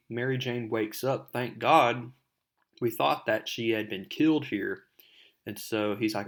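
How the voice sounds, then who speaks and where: A man's voice: medium pitch, steady tone, measured pace. Man casually recapping a comic. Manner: rambling, filler-heavy retelling. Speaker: comic book reviewer.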